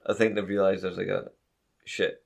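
A man's voice: mid-range voice, animated, a little fast, gravelly. A young man co-hosting a podcast in a laid-back way, laughing often and dropping crude asides. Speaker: podcast co-host. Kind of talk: casual podcast banter.

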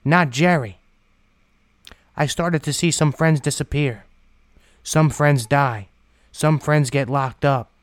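A man shares his personal recovery testimony in a blunt, unpolished way, letting a few curse words slip. His voice sits a touch high and comes through smooth and clear. The sound is dry and close, with no room around it. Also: takes it slowly, no echo. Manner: blunt, candid storytelling with casual swearing.

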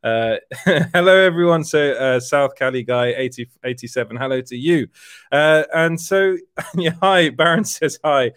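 A British man hosts a casual livestream chat, his voice on the high side at a moderate pace, a bit bright and clean, recorded dry and close. He rambles, keeps restarting his sentences, corrects himself, and laughs often.

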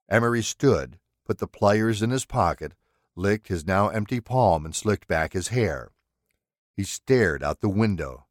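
A low-voiced man narrating a thriller audiobook at a very slow, deliberate pace. His delivery is expressive, with lots of rise and fall. The studio sound is dry and close. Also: no room sound. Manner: measured, expressive storytelling. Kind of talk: scripted narration.

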